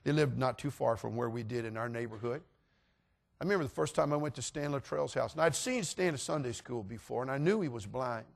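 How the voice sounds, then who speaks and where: Gravelly-voiced man preaching a story. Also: medium pitch, a little fast. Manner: animated, acts out voices in anecdotes. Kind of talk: sermon storytelling.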